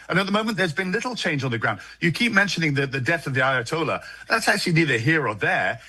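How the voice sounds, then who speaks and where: A man with a British accent giving measured political analysis in a hesitant, halting way. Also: fairly high pitch, sharp tone, slightly rough, low-quality recording. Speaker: commentator in a played clip.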